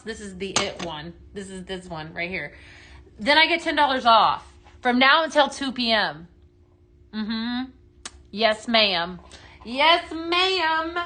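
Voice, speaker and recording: A woman with a bright, forceful tone and a slightly higher voice runs a live product demo. She chats in a bubbly, eager way and keeps speaking straight to her viewers. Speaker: home-decor sales livestream host.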